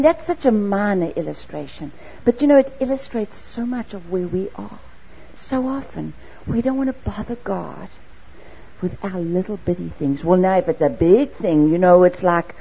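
A woman preacher shares a personal story in a lively, animated way. Her voice is low in tone, gravelly and a touch husky. The recording sounds dull and lo-fi.

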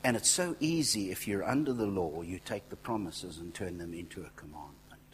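A man delivers a sermon with storytelling, speaking conversationally, sinking to near-whispers before rising to loud exclamations, and turning aside to address the congregation. His low voice is expressive at a normal pace, but the audio is poor, with a little hiss or hum.

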